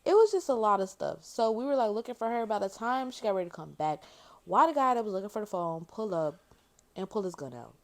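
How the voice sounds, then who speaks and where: A woman's voice: mid-range voice, animated, fast, a little mellow. A young woman casually telling a story while doing her makeup, chatty and slangy, using lots of filler words. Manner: chatty and slangy, heavy use of "like" fillers, addresses viewers as y'all. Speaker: beauty vlogger.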